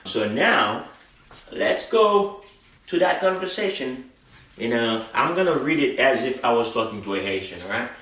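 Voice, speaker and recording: A man's voice: mid-range voice, very animated, moderate pace, fairly bright tone, distant mic. A man teaching a language lesson, explaining patiently and reading a short dialogue aloud. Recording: roomy, voice away from the mic.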